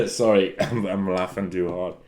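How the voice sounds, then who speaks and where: Man, casual solo chat, rambling and giggly, prone to loud laughing fits and swearing. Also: deep voice, takes it slowly. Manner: rambling, repeats words for comic effect. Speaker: wrestler answering fan questions.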